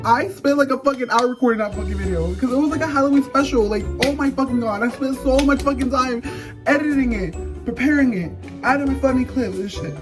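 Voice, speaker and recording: A reaction host ranting loudly and swearing constantly in casual commentary. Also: sits high, quick pace, music in the background.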